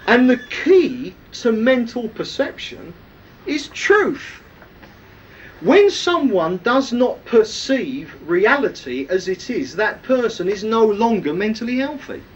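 A man's voice: extremely high pitch, very animated, slow pace, distant mic, a little hiss or hum, poor audio. A man preaching a sermon, teaching emphatically and often asking his listeners questions. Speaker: preacher teaching a weekly series.

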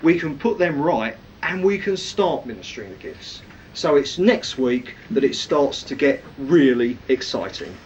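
A man's voice: mid-range voice, sing-song, measured pace, far from the mic, dull audio, a little hiss or hum. A man preaching a sermon, teaching emphatically and often asking his listeners questions. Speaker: preacher teaching a weekly series.

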